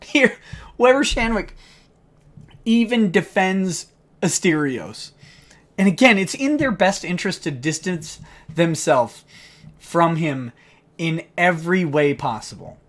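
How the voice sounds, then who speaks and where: In a fairly high, expressive, slightly bright voice, a man reads a legal motion on his live stream, going slowly with long pauses. This lawyer streamer mocks the filing with sardonic asides between passages and laughs frequently.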